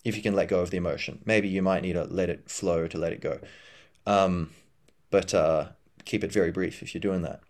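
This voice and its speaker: A man hosting a podcast, talking through ideas in a casual reflective monologue, rambling with many fillers and restarts, and acting out inner voices in a higher pitch. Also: fairly even intonation, fairly quick, darkish tone. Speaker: podcast host.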